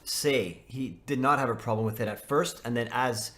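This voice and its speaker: A man with a mid-range voice, talking on a casual podcast. He lays out his points in a measured, reasoning way. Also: mid-range voice, fairly bright tone.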